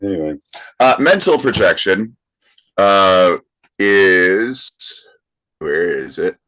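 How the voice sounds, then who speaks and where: A man's voice: sits low, sing-song, sharp tone, dry recording, rough recording. A man co-hosting a podcast, explaining a topic in casual chat with frequent "uh" and "um". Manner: explains slowly with many fillers. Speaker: podcast co-host.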